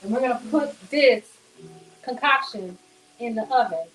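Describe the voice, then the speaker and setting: A woman's voice: on the high side, normal speed, a bit bright, faint music behind, poor audio. A woman hosting a casual home cooking demonstration, talking to viewers in a chatty, folksy way. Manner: chatty and folksy, addresses viewers as y'all and honey. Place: home kitchen.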